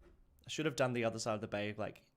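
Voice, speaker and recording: A man's voice: fairly low pitch, fast talker. An Australian man chatting casually while streaming a city-building game, laughing often and restarting his sentences. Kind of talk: casual livestream chat.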